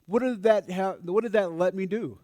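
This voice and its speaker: A man giving a storytelling talk at a church mental health forum, animated and acting out the voices of people he quotes. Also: high voice, normal speed, no echo, studio quality.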